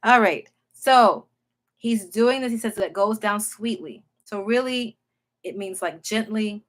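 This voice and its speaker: A woman's voice: medium pitch, measured pace. Emphatic woman teaching the Bible. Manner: emphatic, keeps checking in with "okay?" and "all right?".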